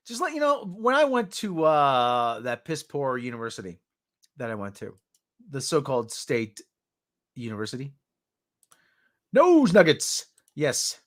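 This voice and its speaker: A man's voice: medium pitch, huge pitch swings, a little slow, long pauses. A man hosting a podcast, giving sarcastic, ranting news commentary in a mocking tone. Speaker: podcast host.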